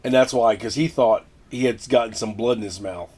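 A podcast co-host casually recaps a movie plot in a mid-range, slightly mellow voice that runs a little fast. His retelling rambles, heavy with fillers and restarts.

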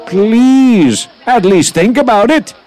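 A man voicing a good-natured, eager old man in an animated storybook, with faint music playing behind him. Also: sits high, takes it slowly, rough recording. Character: cheerful, naive old man trading animals.

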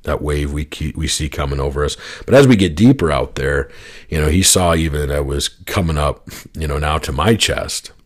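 Very deep husky man, earnest podcast host. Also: lively intonation, moderate pace. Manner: earnest, heartfelt, repeats his points; encouraging, speaks straight to the listener. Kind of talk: reflective spoken monologue.

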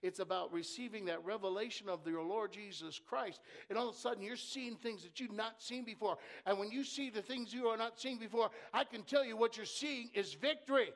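A man preaching a sermon as pastor, swinging from impassioned shouts to near-whispers and calling on the congregation to answer. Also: sits high, brisk, hardly any pauses. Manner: impassioned preaching that drops to a hush; calls for congregation responses. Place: church.

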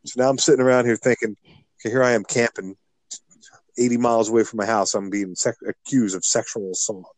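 A middle-aged man co-hosting a podcast, telling a rambling, animated story in casual chat. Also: mid-range voice, fairly quick, dry recording, low-quality recording. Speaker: podcast co-host.

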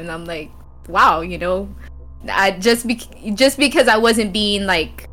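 A woman co-hosting a gaming talk stream, telling stories in an animated casual way and laughing often. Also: mid-range voice, a little slow, faint music behind. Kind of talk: casual chat, storytelling.

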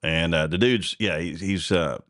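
A man's voice: sits low, moderate pace, a bit bright, dry recording, clean studio sound. A man hosting a podcast, reacting to a clip in rambling, fired-up casual commentary. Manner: rambling, fired-up, full of fillers. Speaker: podcast host.

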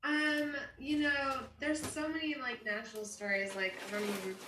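A woman's voice: high voice, little pitch movement, normal speed. A woman, a guest on a podcast, chatting casually in a laid-back way with many short agreements. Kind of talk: casual chat. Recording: distant, roomy, faint noise.

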